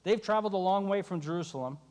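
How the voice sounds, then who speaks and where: Male pastor, high register, animated sermon delivery that acts out the voices, reverberant church hall. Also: quick pace. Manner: animated, acting out the disciples' voices.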